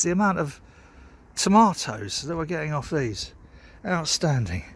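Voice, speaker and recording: A man's voice: a little high, sing-song, a little slow, a bit bright, breathy edge. A man chatting casually in a rambling, sweary, self-mocking way, vlogging from his garden. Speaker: home brewer vlogger. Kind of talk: casual rambling vlog chat.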